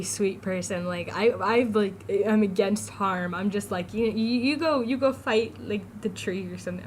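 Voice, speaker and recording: A woman's voice: medium pitch, slight background noise, rough recording. A teenage girl vlogging, chatty and giggly, jumping from topic to topic. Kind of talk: casual rambling vlog.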